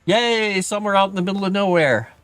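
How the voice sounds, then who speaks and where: A middle-aged man hosting a livestream, chatting casually with his viewers and telling stories from his childhood in a self-deprecating way, with a higher pitch when he acts out what others said. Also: brisk, fairly bright tone, smooth, no echo, soft background music. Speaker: livestream host. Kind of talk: casual storytelling to chat.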